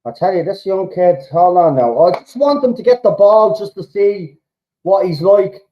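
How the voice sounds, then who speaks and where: Swearing excitable football fan. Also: male voice, high-pitched, moderate pace, highs cut off. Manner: swearing, shouting at players, excitable. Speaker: fan channel host reacting live to a match. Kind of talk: live match reaction commentary.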